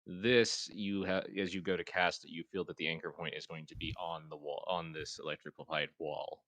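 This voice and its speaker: Deep-voiced man running a tabletop game. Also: fairly even intonation, normal speed, a bit bright, dry recording. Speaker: game master.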